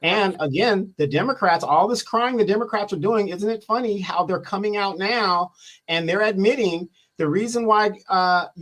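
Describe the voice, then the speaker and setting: A man's voice: sits high, moderate pace, fairly bright tone, low-quality recording. A man giving opinionated political commentary in an emphatic way, asking rhetorical questions and repeating phrases for weight.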